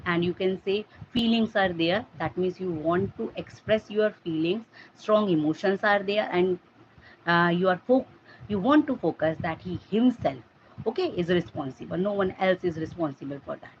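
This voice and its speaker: A woman's voice: lowish voice, moderate pace. Woman, grammar teacher, explanatory classroom talk, dull lo-fi sound, faint background hiss. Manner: explanatory, checks understanding with "Got the point?". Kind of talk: live classroom lesson.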